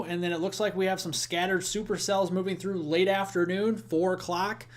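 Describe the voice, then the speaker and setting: Hosting a weather livestream, this young man with a Midwestern American accent has a higher-than-average male voice. He chats loosely, thanking viewers and donors while reeling off details about storms and snow.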